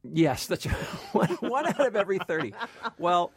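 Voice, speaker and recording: A man co-hosting a relaxed film podcast, playful and given to easy laughter. His voice sits a little high for a man. The sound is close and dry. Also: measured pace, slightly rough, dry recording. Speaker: film critic, co-host. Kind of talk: casual chat.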